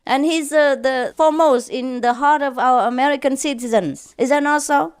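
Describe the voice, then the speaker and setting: A woman's voice: high voice, moderate pace, pitched above the performer's own voice, natural voice. A woman voicing an earnest young male teammate who argues his point step by step. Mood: eager. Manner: eager, arguing point by point.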